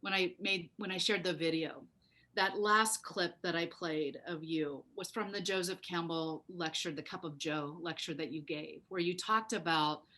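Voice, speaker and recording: A woman's voice: lowish voice, steady tone, moderate pace, sharp tone. A woman moderating an online gathering, thoughtful and searching for words as she asks questions. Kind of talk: casual moderating on a video call.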